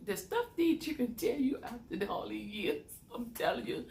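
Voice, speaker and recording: A woman's voice: on the high side, very animated, moderate pace, creaky, a little mellow, a little hiss or hum. A middle-aged woman, hosting a casual chat and laughing as she tells a story. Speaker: channel host.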